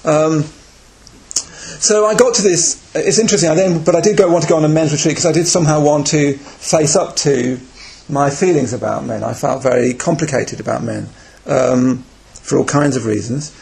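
Reflective man in his forties, gravelly edge, self-deprecating retreat storyteller. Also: a little high, normal speed, a little mellow. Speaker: Buddhist speaker on retreat. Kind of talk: personal anecdote talk.

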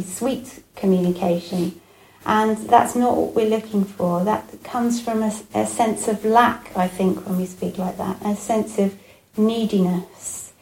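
Gentle reflective woman giving a dharma talk. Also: medium pitch, a little hiss or hum. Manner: gentle, reflective, many fillers. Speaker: Buddhist dharma speaker. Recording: echoey room with faint ambience.

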